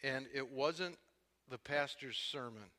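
A man preaching a sermon, telling his own testimony, dropping quiet then building to loud, impassioned peaks. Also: mid-range voice, slow, big-room sound. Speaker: pastor.

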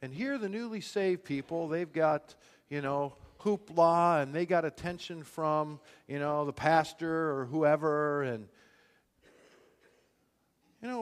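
A man's voice: a little high, takes it slowly, clear, resonant tone, long reverb tail. A man preaching a sermon, retelling a parable in plain everyday words and voicing its characters. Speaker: pastor.

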